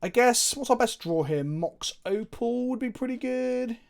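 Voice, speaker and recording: An excitable man talks through his card game on a live stream. He thinks out loud and swears freely. He speaks into a desk microphone. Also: extremely high pitch, unhurried, vocal fry. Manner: excitable, profane, thinking aloud.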